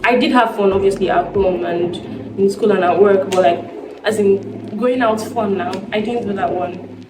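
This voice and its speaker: A woman's voice: mid-range voice, normal speed, background noise. A young adult woman vlogging in a casual sit-down chat, telling stories and acting out conversations. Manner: chatty storytelling, acts out conversations. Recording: roomy sound from a distant mic with music.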